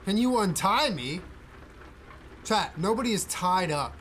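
Chatty streamer man, slightly high voice. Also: very animated, a little slow, a bit bright, a little hiss or hum, poor audio. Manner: chatty, talks to chat, trucker radio lingo. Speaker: streamer playing a trucking game. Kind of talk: casual gaming stream chat.

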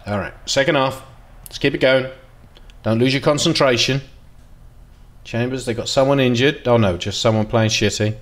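A man giving casual, excitable commentary while playing a football management game, dropping to mutters and jumping to loud outbursts. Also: mid-range voice, moderate pace, long pauses. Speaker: gaming video host.

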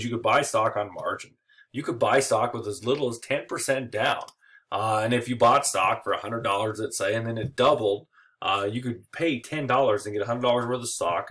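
A man's voice: lowish voice, fairly bright tone. A man giving an informal history lecture, casual and joking, with filler words and small chuckles. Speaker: history teacher.

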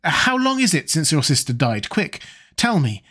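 A man voicing a vain, cold young English gentleman in an audiobook, who pleads when cornered and turns lordly once safe. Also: fairly high pitch, wildly swooping pitch, moderate pace, husky, exaggerated voice. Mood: urgent.

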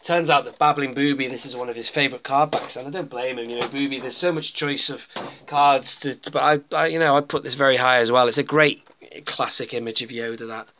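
Bright chatty guy rambling through a toy review, keeps saying folks. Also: mid-range voice, steady tone, brisk, a little hiss or hum.

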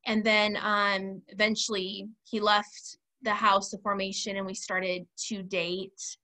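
A woman's voice: medium pitch, level tone, takes it slowly, sharp tone. A woman telling her personal testimony as an interview guest, chatty and candid. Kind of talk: casual testimony storytelling.

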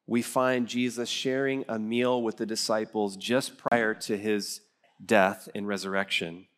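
Middle-aged pastor guy preaching in church, chatty, tells stories and asks the room stuff, mid-range voice. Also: mid-range voice. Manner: conversational storytelling, asks the congregation questions. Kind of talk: sermon. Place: church sanctuary.

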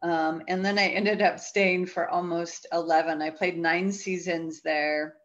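A woman's voice: fairly low pitch, fairly even intonation, a little slow, a bit bright, muffled recording. A woman in her fifties, a volleyball coach, chatting reflectively as an interview guest with frequent fillers, heard over a video call. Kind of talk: casual interview talk.

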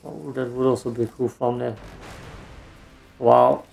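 In casual let's play commentary, a male streamer plays a video game and makes dry, self-mocking remarks. His mid-range voice is level, measured in pace and darkish in tone with vocal fry, and there's a little hiss or hum.

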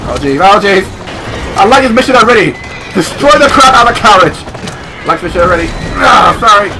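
A young man giving casual, excitable, swearing commentary on his video game play. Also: high-pitched, a little fast, crowd noise. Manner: excitable, swearing, talks to himself. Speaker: gameplay commentator. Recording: game music playing underneath.

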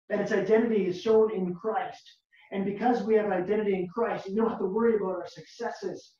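A pastor preaching a sermon slowly and emphatically, repeating key words and asking the listeners rhetorical questions. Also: medium pitch, a little mellow. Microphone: video call, far from the mic. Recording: very echoey, distant, dull lo-fi video call audio.

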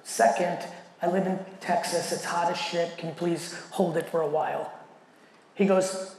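A man giving a keynote talk, telling a story in an animated, profane way and acting out the quoted dialogue. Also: high voice, moderate pace. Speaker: keynote speaker. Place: large event hall. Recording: echoey hall with faint noise.

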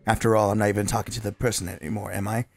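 A man reading game dialogue aloud as an eerie, self-aware teenage girl who is the club president, in a soft, low, creepy voice. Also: little pitch movement, very fast, vocal fry. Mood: creepily intimate.

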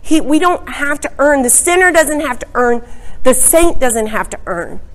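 A woman's voice: high-pitched, expressive, normal speed, rough recording. A woman teaching a Bible study lesson, retelling a parable with dramatic, emphatic storytelling.

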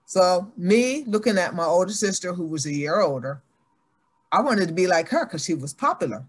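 This older woman, a guest athlete, has a fairly low, husky voice and a moderate pace. She shares her life story with earnest animation, bringing her family into it by acting out their voices.

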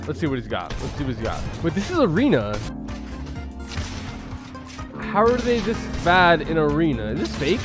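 A young man gives excitable reaction commentary, laughing and talking slang. His voice sits high and swings widely up and down with every surprise. Clip audio and music play clearly behind him. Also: moderate pace, long pauses. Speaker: reaction video host. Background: game clip audio and music playing.

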